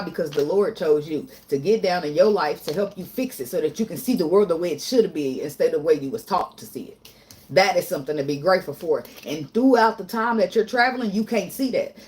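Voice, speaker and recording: A woman's voice: deep voice, a little mellow, a little hiss or hum. A woman doing a casual tarot reading vlog, talking bluntly with lots of swearing, getting emotional and laughing often. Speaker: tarot reader.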